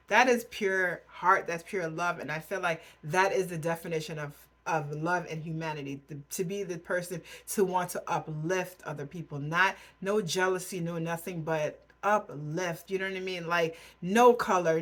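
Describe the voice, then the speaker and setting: A woman's voice: fairly low pitch, fairly bright tone. A woman hosting a reaction video, talking effusively and chattily while holding back tears. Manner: effusive, chatty, heavy use of "like". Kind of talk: casual reaction commentary.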